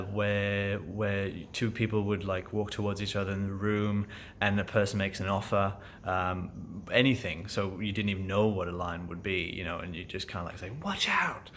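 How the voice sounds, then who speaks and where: A man with a German accent talking through his acting class in a casual vlog, thoughtful and halting, with many fillers and restarts. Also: on the low side, fairly bright tone, slight background noise. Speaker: actor vlogging about acting class.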